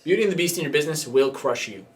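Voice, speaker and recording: A male podcast host gives coaching advice in loose banter. He jokes, laughs and drops into mock voices. His pitch sits a little high and moves widely. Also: racing, distant mic. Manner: animated, joking, laughs often, mock voices.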